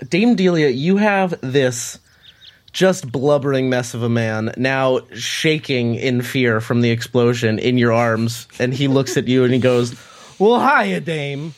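A man's voice: mid-range voice, fairly even intonation, a little slow. A man narrating a tabletop game as game master, in a playful storytelling manner.

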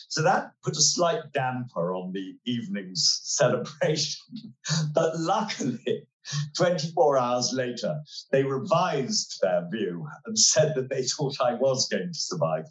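A man in his sixties speaks as an interview guest, wry and articulate, pausing and restarting often. His voice sits at a middle pitch. The recording has a roomy echo. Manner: articulate, wry storytelling with frequent hesitations. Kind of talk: relaxed conversational interview. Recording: roomy echoey sound.

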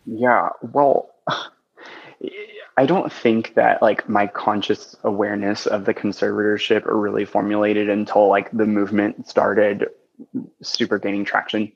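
A man's voice: fairly low pitch, flat delivery, measured pace, gravelly, slightly rough, muffled recording. A man talking as a podcast guest in casual chat, chatty and full of restarts. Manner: chatty, many likes and restarts.

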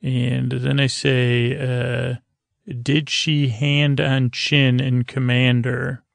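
A man hosting a podcast, giving a halting, filler-heavy episode recap meant to lull listeners to sleep. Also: mid-range voice, level tone, creaky, dry recording. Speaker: podcast host.

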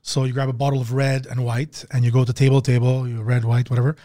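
A man's voice: mid-range voice, little pitch movement, fast talker, warm tone. A middle-aged man from Canada, a comedian hosting a casual podcast chat, rambling and swearing and laughing often.

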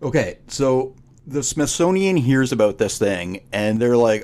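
A man's voice: mid-range voice, expressive, a little slow, a little mellow. A man co-hosting a podcast, riffing sarcastically in casual chat. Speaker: podcast co-host.

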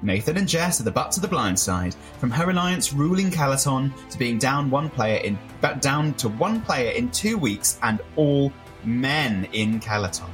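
A man co-hosting a podcast, joking and animated as he recaps episodes. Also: mid-range voice, normal speed, faint music behind. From France. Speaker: podcast co-host. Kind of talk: casual podcast chat and recap.

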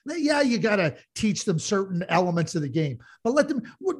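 A podcast co-host in a casual sports chat rants with passion, restarting often and repeating words. His voice is high-pitched and sing-song, a little fast, with a slightly rough texture.

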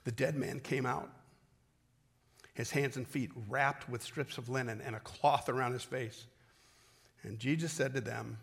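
A middle-aged man preaching a sermon as pastor, talking conversationally, shifting from loud calls to hushed reflection. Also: medium pitch, steady tone, moderate pace, creaky, breathy edge.

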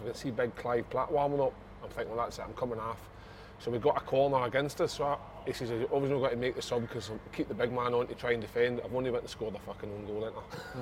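A man's voice: medium pitch, darkish tone, slight background noise. A man in his thirties telling a football story in casual chat, swearing and laughing. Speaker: podcast guest, former footballer.

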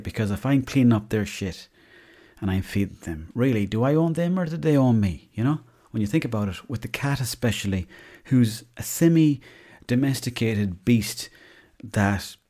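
A man's voice: mid-range voice, dark tone. An Irish man hosting a podcast, telling comic stories in a chatty way and swearing freely. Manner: chatty, swears freely, tall-tale humour. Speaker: podcast host. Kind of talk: casual comic storytelling.

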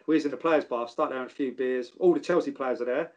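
A man, a former footballer, telling animated anecdotes and swearing freely. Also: medium pitch, fast talker, lo-fi sound. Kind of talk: casual storytelling.

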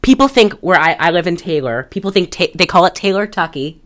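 A woman with a low voice hosts a casual local podcast. She talks in a lively, swooping way, laughing as she tells stories. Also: a little fast. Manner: animated, laughing, chatty storytelling. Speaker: podcast host. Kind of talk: casual chat. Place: local area in Michigan, lives in Taylor.

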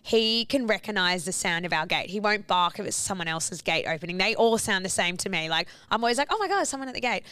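A young woman co-hosting a casual podcast, rattling through a story with plenty of "like" and swearing. Her voice is smooth and clear, and it is recorded close and dry. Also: lowish voice, a little fast, few pauses, bright, forceful tone, no room sound. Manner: chatty storyteller, swearing, lots of "like". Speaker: podcast co-host. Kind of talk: casual chat.

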